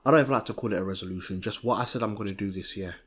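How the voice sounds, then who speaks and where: A young man, co-hosting a podcast in a lively, chatty way, often restarting mid-sentence. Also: lowish voice, racing, husky. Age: young adult. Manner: animated, chatty, self-interrupting. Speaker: podcast co-host. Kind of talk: casual chat.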